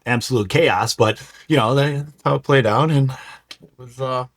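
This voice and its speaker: A man's voice: medium pitch, normal speed, no room sound, studio quality. A man in a casual group conversation, recounting things in a frustrated, rambling way. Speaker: guest.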